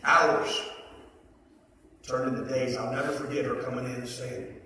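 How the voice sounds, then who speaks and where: A man preaching a personal testimony, quiet storytelling breaking into shouts and sung hymn lines. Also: mid-range voice, flat delivery, moderate pace, a little hiss or hum. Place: church service. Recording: echoey church hall, mic far off.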